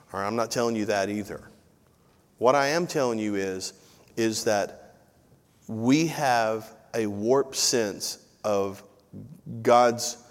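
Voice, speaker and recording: A man preaching a sermon as pastor, chatty and joking, repeating key phrases for emphasis. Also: on the low side. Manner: conversational preaching with self-deprecating asides and repeated phrases. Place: church sanctuary. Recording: live church audio with long hall reverb.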